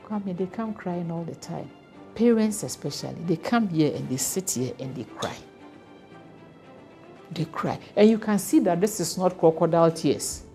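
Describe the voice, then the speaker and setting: A woman's voice: on the low side, expressive, normal speed, dark tone, faint music behind. A woman, a foundation official speaking earnestly and with emotion in an interview. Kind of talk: interview answers.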